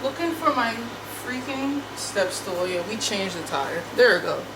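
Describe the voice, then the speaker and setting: A woman's voice: on the high side, lively intonation, unhurried, over loud music. A woman in her twenties, a vlogger chatting casually and slangily to herself while she sorts through her apartment. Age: 20s. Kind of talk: casual chat while decluttering.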